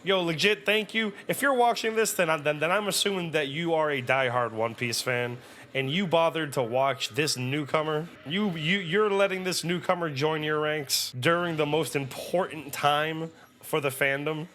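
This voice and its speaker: A young man hosting an anime reaction video, chatting in an excitable, profane, animated way. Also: fairly high pitch, moderate pace, a little hiss or hum. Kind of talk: casual reaction commentary.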